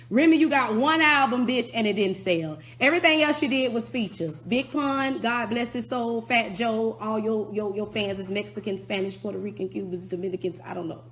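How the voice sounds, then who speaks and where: A woman's voice: a little high, a little fast, fairly bright tone. A middle-aged woman rapper giving a blunt, profane, scolding rant of a song review. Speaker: rapper turned commentator.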